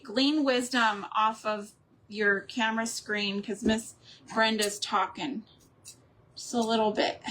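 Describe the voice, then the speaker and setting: On her craft and homemaking channel, a middle-aged woman chats casually with viewers as she crafts, answering live chat, rambling, and laughing often. Her voice is fairly high-pitched and a bit bright, with slight background noise.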